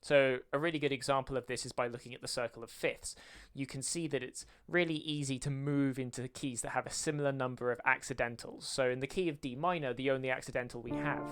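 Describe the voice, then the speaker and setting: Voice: mid-range voice, fairly even intonation, fast, fairly bright tone, smooth. A video creator explaining music theory in a lesson, counting beats aloud and singing rhythms to show them. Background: faint music playing.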